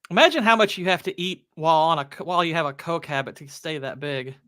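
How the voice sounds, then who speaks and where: Man with a bright, slightly high voice. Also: lively intonation. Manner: short quick reactions, laughs often. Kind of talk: casual podcast chat.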